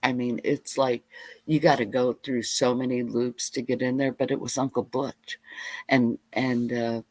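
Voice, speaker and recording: A middle-aged woman hosting a live homestead stream, telling childhood stories in a rambling, animated way. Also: very deep voice, a little slow, no echo. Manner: rambling, animated, side-tracked. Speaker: homestead channel host. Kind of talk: casual live storytelling. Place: home livestream.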